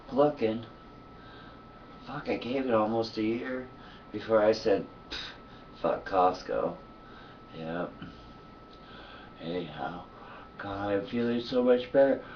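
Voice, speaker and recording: A man's voice: on the low side, takes it slowly, pauses often, far from the mic, highs cut off, a little hiss or hum. A man talking to his camera in a loose, profane monologue, sleepy and yawning, laughing often between thoughts. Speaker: vlogger. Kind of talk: casual rambling monologue.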